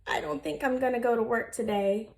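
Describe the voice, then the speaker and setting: A woman voicing a kind, gentle old zookeeper who is sniffly and weary, speaking softly in a storybook reading. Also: very high-pitched, steady tone, fairly quick, a little hiss or hum.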